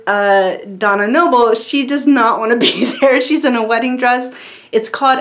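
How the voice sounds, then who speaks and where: A young woman vlogger chatting casually to camera, rambling with lots of fillers and frequent giggles. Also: fairly high pitch.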